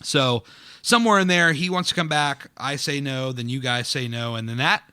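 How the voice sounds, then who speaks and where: A man's voice: mid-range voice, moderate pace, sharp tone, clear, resonant tone, no echo, clean studio sound. A man hosting a podcast, chatting casually in a dining room and telling rambling, self-deprecating stories full of fillers. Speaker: podcast host. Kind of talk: casual chat.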